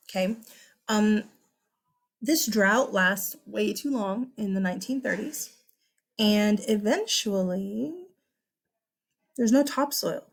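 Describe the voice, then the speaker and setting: A young woman with a Texan accent and a mid-range voice teaches a recorded history lesson. She's chatty and animated, often exclaiming as she goes.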